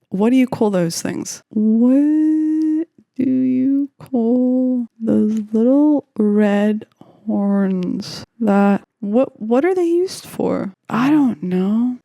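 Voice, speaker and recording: Slow-talking giggly woman making beats. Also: a little high, lively intonation, dark tone, dry recording, studio quality. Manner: chatty and giggly, talking to herself and viewers. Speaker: beatmaker making a track on camera. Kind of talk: casual chat while making music.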